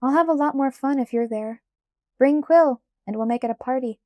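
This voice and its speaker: A woman voicing a lively teenage girl. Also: high-pitched, moderate pace, dry recording, clean studio sound, pitched above the performer's own voice, natural voice. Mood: upbeat. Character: eager teenage girl, wry and guarded.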